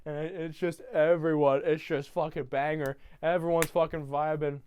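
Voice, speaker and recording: A man's voice: fairly high pitch, little pitch movement, normal speed, darkish tone, a little hiss or hum. A young man casually retelling a film from memory, rambling with many fillers and swearing. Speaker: YouTuber.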